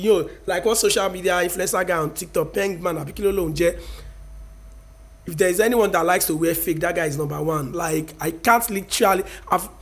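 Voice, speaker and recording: High-voiced Nigerian vlogger in his thirties, lecturing viewers with emphatic, preachy energy. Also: a bit bright. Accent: Nigerian, Yoruba-speaking. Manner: emphatic, preachy, mixes in Yoruba. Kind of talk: casual opinion rant to camera.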